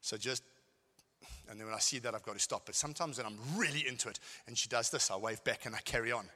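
A middle-aged man preaching a sermon, telling stories and swinging between shouted lines and quiet asides. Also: mid-range voice, very fast. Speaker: pastor. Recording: hall with long reverb.

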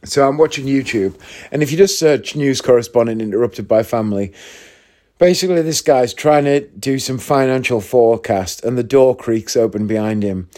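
A man in his thirties from northeast England, a comedian spinning a long personal anecdote. He talks casually and chattily, breaking off for asides to his listeners. His voice sits at an ordinary middle pitch for a man. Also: moderate pace, darkish tone. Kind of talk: casual storytelling.

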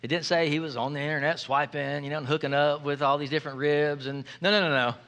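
A male pastor delivers a lively sermon, his voice high and ringing bright. He jokes freely with his congregation and keeps calling out for them to answer him. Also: quick pace, clean tone. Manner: playful, joking preacher who calls for audience responses.

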